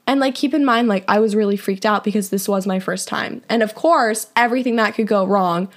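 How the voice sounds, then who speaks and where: A young woman hosting a podcast and telling a personal story in a casual, animated way, full of "like" fillers. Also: mid-range voice, moderate pace, hardly any pauses. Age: young adult. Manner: chatty, heavy on "like" fillers; animated, acts out quoted voices. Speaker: podcast host.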